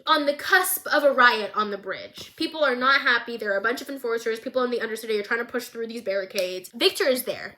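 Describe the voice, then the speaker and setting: Chatty, bright young woman recapping a show. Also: on the high side. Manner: chatty, gushing, playfully dramatic, with asides. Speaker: video creator.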